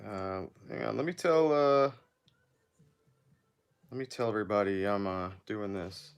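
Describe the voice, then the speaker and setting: A man's voice: lowish voice, measured pace, smooth. A man hosting a casual livestream, chatting in a rambling way while repairing action figures and reading chat aloud.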